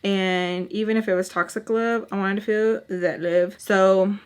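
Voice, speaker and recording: A young woman telling a personal storytime vlog in a casual, animated way, acting out the voices of the people she quotes. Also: medium pitch, measured pace, clear, resonant tone. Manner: animated, acts out quoted voices, says y'all. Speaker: storytime vlogger.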